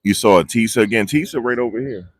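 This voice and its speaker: A man vlogging live outdoors, talking in a rambling, excitable way and losing his train of thought. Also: medium pitch, quick pace, breathy edge. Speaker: vlogger reporting on a trial. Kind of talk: live casual street commentary. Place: outdoors outside a courthouse. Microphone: phone on a handheld gimbal.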